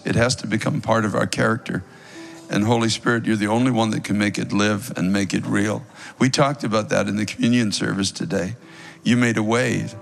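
Deep gravelly man praying at altar. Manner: earnest, pleading preacher cadence. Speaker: pastor leading altar prayer. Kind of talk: sermon prayer over music.

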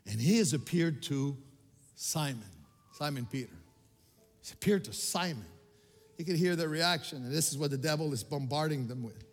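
A man's voice: fairly high pitch, moderate pace. An older male pastor from Quebec preaching with rising passion and frequent restarts. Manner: impassioned, rising to near shouts, many restarts. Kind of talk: sermon. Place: church sanctuary. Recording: reverberant hall with music behind.

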